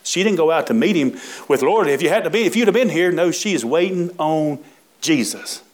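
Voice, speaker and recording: A preacher, reading scripture in a sermon with folksy, emphatic asides and drawn-out words. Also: male voice, a little high, animated.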